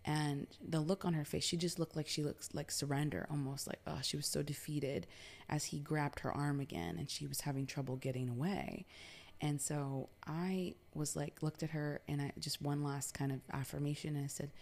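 A woman from New York recounts a story in loose, chatty talk. Her voice is very low and mellow. She peppers her speech with fillers and swears freely. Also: moderate pace, vocal fry. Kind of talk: casual personal storytelling.

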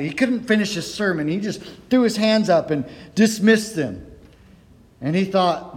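A preacher with a high, ringing voice delivers a lively sermon, spinning stories and voicing characters along the way. When he gets fired up his words tumble together. The sound rings with the long reverb of a large hall. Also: normal speed. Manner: storytelling with playful voiced quotes. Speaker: pastor.

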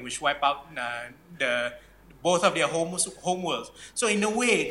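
A man's voice: fairly high pitch, bright, forceful tone. A man in casual podcast chat, explaining lore hesitantly with many fillers.

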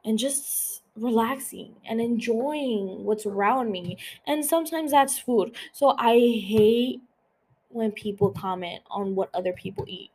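A young woman hosting a podcast, talking quickly and casually with lots of swearing and filler words. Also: fairly high pitch, a little mellow, slightly rough. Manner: fast, profane, lots of "like" fillers. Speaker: podcast host. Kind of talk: casual chat.

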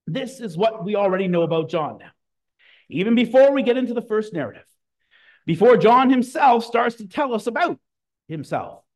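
A man preaching a sermon, emphatic and lively, with casual asides to his congregation. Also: sits high, moderate pace. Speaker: pastor.

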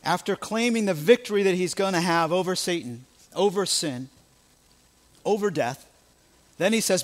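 A man's voice: high voice, normal speed, long pauses. A male pastor with an American accent preaching a sermon, emphatic and full of rhetorical questions.

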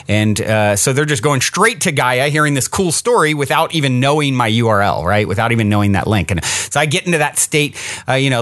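A man's voice: medium pitch, a bit bright, dry recording, studio quality. Chatty upbeat male podcast host. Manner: chatty and upbeat, many fillers and restarts. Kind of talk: casual personal storytelling.

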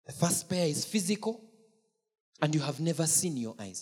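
Brief: preacher, husky, very expressive pitch, playful and questioning, reverberant hall. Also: normal speed, long pauses. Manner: animated, asks the congregation questions, jokes and laughs. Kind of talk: sermon. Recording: long church-hall reverb.

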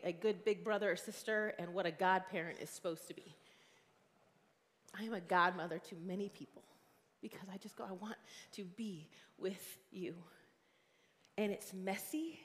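A woman in her forties preaching a sermon as a guest speaker. She is conversational and earnest, with plenty of fillers. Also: mid-range voice. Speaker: guest preacher and youth ministry leader. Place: church sanctuary. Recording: long hall reverb.

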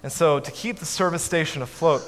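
A man telling a family story to an audience in a measured way, with his voice dropping softly at the ends of lines. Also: on the high side. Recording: echoey hall, faint background noise.

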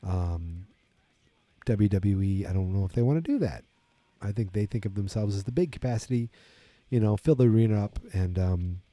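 A man's voice: fairly low pitch, mellow, no room sound. A tired man hosting his own wrestling talk show, rambling casually with many fillers and restarts. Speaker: wrestling podcast host. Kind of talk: casual solo commentary.

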